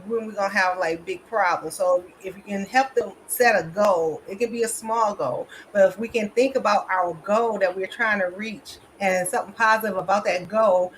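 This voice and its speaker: A woman's voice: mid-range voice, moderate pace, few pauses, slight background noise. A woman therapist and coach, giving an emphatic, motivational conference talk over a video call. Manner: emphatic, motivational, addresses audience as y'all.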